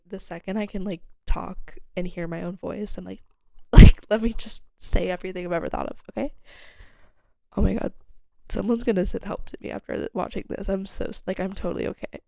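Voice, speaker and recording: Young woman ranting on her own podcast, gravelly fry, dry close sound, says like constantly. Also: on the low side, warm tone, no room sound. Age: young adult. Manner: rambling, candid, peppered with "like"; swears casually. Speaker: podcast host. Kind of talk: casual solo monologue.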